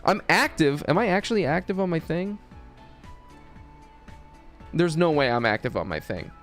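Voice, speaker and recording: Male game streamer, rambling and profane, lively swoopy delivery, somewhat high voice. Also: normal speed, faint music behind. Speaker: gaming streamer. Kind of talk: casual stream chat.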